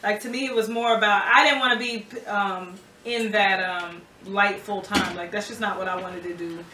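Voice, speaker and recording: A young woman, a rapper, telling stories in a casual interview, animated and often laughing. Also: mid-range voice, normal speed, far from the mic. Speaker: rapper guest. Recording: roomy echo, off-mic, faint background noise.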